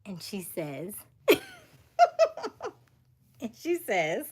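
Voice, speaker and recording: Livestream host, woman, lively casual storyteller who laughs often. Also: medium pitch, very slow, husky. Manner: animated, laughing, acts out voices.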